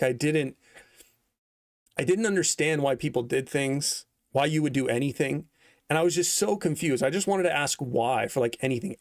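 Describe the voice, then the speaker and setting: A man's voice: medium pitch, no echo, studio quality. A young man telling a rambling story in casual vlog style, profane and laid-back, with lots of fillers. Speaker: vlogger.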